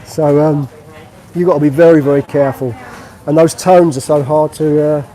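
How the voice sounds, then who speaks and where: A man's voice: a little high, steady tone, moderate pace, mellow, poor audio. A man from England chatting casually on a live stream while he walks through an outdoor market, explaining what he shows. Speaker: vlogger.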